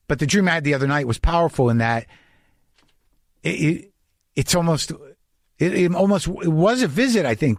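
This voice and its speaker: A man's voice: medium pitch, dry recording, studio quality. A man hosting a podcast, talking candidly and reflectively, often restarting his sentences. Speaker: podcast host. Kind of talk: casual conversational monologue and interview.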